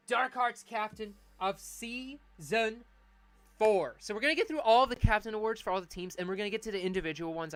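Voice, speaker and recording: A woman hosting a live-streamed awards ceremony, with a pitch that sits in the middle range. She talks loosely, full of "like" and "you know", and builds up to shouting each winner's name. Soft music plays faintly behind her. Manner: chatty, filler-heavy, shouts winners' names.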